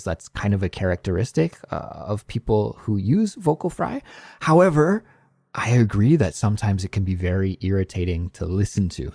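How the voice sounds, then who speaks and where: A man around forty chats on a relaxed podcast, easygoing and agreeable in his measured replies. His voice sits low and mellow, and it rises and falls a lot as he speaks. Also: no room sound, studio quality. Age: late 30s to 40s. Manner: easygoing and agreeable, laughs along, measured phrasing. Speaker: podcast co-host. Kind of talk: casual conversational podcast chat.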